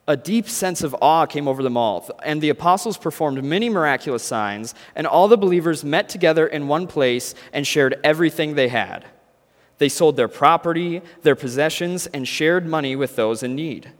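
Casual young-sounding preacher in an echoing hall. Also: male voice, a little high, moderate pace. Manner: casual, storytelling, animated impressions. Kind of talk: sermon.

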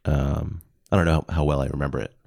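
A man's voice: very deep voice, fairly even intonation, a little fast, gravelly, darkish tone, no room sound, studio quality. A man co-hosting a casual podcast, laid-back and chuckling as he comments on a show. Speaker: podcast co-host. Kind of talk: casual recap chat.

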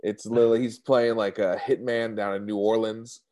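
A man's voice: on the low side, flat delivery, a little fast, a little mellow. A man who hosts a podcast, chatting casually about bad films, laughing along and swearing. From Australia. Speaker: podcast host. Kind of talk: casual chat.

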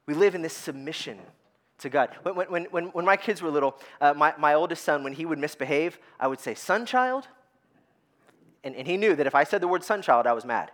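Animated man preaching a sermon. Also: a little high, quick pace. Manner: animated storytelling, repeats words when starting sentences. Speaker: pastor.

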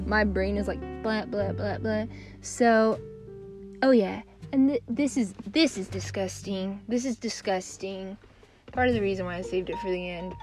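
Profane ranting young woman podcaster. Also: mid-range voice. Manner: sarcastic, profane, fast-switching between mock voices. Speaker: podcast host. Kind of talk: ranting storytime monologue.

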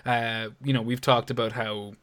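A young man co-hosting a casual podcast, ranting with lots of swearing and animated outbursts. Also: medium pitch, moderate pace. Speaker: podcast co-host.

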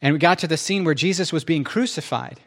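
A middle-aged man preaching, telling his testimony in an animated, self-interrupting way and acting out quotes. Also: on the high side, quick pace. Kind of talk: testimony storytelling.

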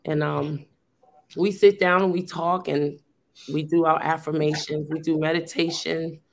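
A woman's voice: deep voice, little pitch movement, measured pace. A woman, a teacher, talking earnestly and at length over a video call, with lots of fillers and restarts. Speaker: teacher and youth program founder. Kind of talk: casual conversational sharing.

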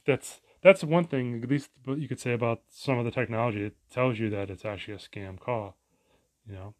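A man vlogging a casual, rambling rant, exasperated and profane, full of restarts and asides. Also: mid-range voice.

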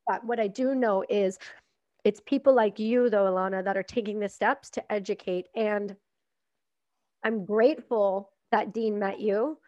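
A woman's voice: mid-range voice, fairly even intonation, unhurried, a little mellow, dry recording, highs cut off. A woman hosting a podcast, talking in an effusive, encouraging and frank way. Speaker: podcast host. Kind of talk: casual podcast chat.

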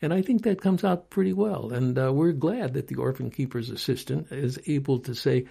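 A man reading his own story aloud in an earnest, measured way. His voice is dark and gravelly, slightly husky. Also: medium pitch. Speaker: storyteller and co-author.

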